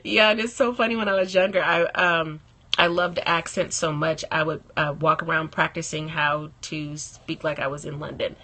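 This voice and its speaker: A woman's voice: sits low, fairly even intonation, normal speed, bright, forceful tone. A woman hosting a casual live stream from her phone, chatting and laughing often and greeting viewers by name.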